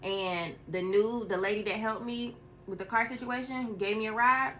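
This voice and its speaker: Bright-voiced chatty woman telling a story. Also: on the high side, moderate pace, a little hiss or hum. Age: adult with a school-age daughter. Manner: animated, chatty, laughs and sighs often. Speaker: tarot reader. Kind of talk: casual storytelling vlog.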